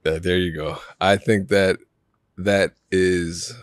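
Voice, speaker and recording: A man's voice: low-pitched, steady tone, slow pace, clear, resonant tone, dry recording, studio quality. A man from New York hosting a casual interview in an easygoing, affirming way. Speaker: podcast host.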